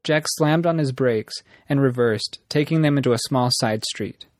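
A man narrating a story in an even, measured reading. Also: medium pitch, no room sound, clean studio sound. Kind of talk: audiobook narration.

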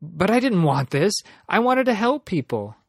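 A man reading a story aloud, voicing a guilt-ridden young man who talks in a hurried, pleading way. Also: high-pitched, big pitch swings, creaky, husky, no echo, clean studio sound, voice pushed up, full character voice.

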